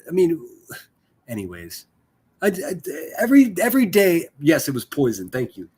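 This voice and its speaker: A man's voice: a little high, huge pitch swings, moderate pace, darkish tone, husky. A man chatting casually on a live stream, rambling and swearing, full of fillers and restarts. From Pittsburgh area.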